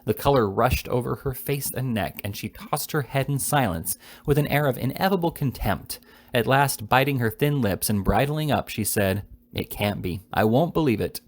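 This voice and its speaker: A man reading a classic novel aloud in steady narration. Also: medium pitch, moderate pace. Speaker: reader.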